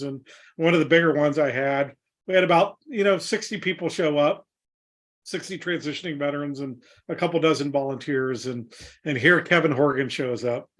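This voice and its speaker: A man with a slightly high voice hosts a casual chat. He rambles and restarts often. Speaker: host, veterans group founder.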